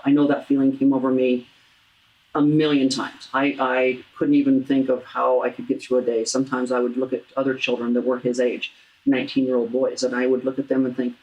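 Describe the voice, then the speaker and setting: A woman with a low, steady voice hosts an intimate interview about loss. She speaks earnestly, often restarting her sentences as she works through hard memories. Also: rough recording. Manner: earnest, halting, with many restarts. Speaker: talk show host. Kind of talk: heartfelt interview about grief.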